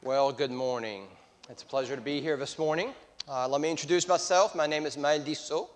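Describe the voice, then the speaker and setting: A man's voice: a little high, brisk, a little hiss or hum. French-accented man preaching in a reverberant church. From France. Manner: friendly, self-deprecating, hesitant with frequent "uh". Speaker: guest preacher. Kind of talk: sermon. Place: church sanctuary.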